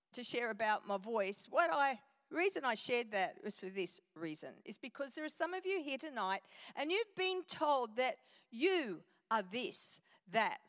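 Animated woman speaker in church hall. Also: high-pitched. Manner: animated, storytelling. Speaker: guest speaker. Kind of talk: women's church event talk. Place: church auditorium.

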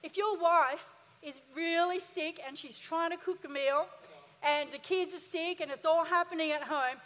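Woman pastor, very high voice, emphatic call-and-response sermon, long hall reverb. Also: moderate pace, a bit bright.

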